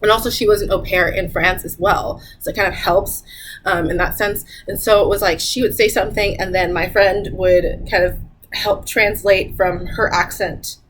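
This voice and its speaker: A woman talking casually to camera with travel advice. She is chatty, laughs often and jumps up in pitch when she mimics people. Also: steady tone, moderate pace, rough recording. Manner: chatty, laughs often, repeats "I'm gonna tell you right now".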